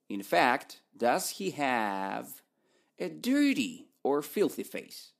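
A man's voice: mid-range voice, big pitch swings, slow pace, creaky. A man teaching through a story, asking his listeners questions and answering them himself in a playful way.

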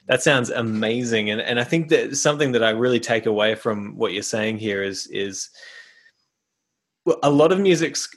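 A man hosting a casual interview, chatty and relaxed, who plays the trumpet. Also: fairly low pitch. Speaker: podcast host and trumpeter.

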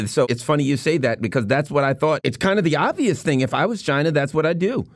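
A man's voice: fairly high pitch, big pitch swings, a little fast, hardly any pauses, no echo, clean studio sound. A man hosting a radio talk show, chatting casually and agreeing with his guest. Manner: chatty, agreeing, bouncy delivery.

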